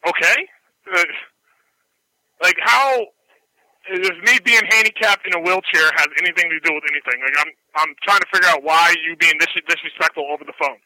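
A man at a restaurant argues over the phone, staying calm but firm and repeating himself. His voice is very bright and high, and it comes through dry and close. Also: brisk, dry recording, poor audio. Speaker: restaurant employee answering the phone. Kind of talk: phone argument. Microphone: telephone line.

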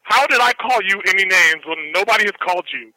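A man working at a restaurant, answering the phone and pushing back calmly but firmly. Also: sits high, fast, no echo, low-quality recording. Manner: calm but firm, repeats himself to push back. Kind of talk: phone argument. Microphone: telephone line.

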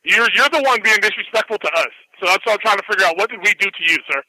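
High, bright, fast-talking man on the phone. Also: dry recording, low-quality recording. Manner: calm but firm, repeats himself to push back. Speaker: restaurant employee answering the phone. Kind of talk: phone argument. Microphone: telephone line.

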